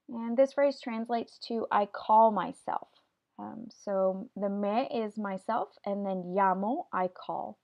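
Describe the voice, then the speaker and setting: A woman's voice: a little high, steady tone, a little slow, lo-fi sound. A woman teaching a Spanish vocabulary lesson, patiently explaining each word step by step and having students repeat after her. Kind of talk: classroom video lesson.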